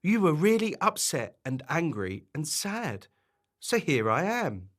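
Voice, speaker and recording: A man's voice: a little high, big pitch swings, slow, pitched above the performer's own voice, heavily acted. A man voicing a cheerful, shapeless mood creature in a bedtime storybook, chirpy and copying everything said to it. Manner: chirpy, mimicking.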